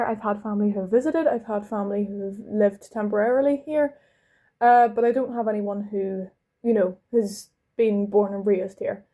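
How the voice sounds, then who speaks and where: A woman's voice: medium pitch, dark tone. A young woman from London with a Northern Irish accent, chatting casually while she does her makeup, rambling, interrupting herself and swearing now and then. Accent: Northern Irish, Belfast. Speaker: vlogger.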